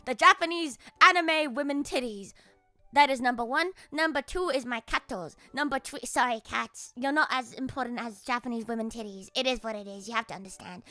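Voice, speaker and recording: A woman's voice: fairly high pitch, fairly quick, pushed and bright, dry recording, faint music behind. A woman streamer in casual sarcastic chat, rambling and laughing often, on a close mic.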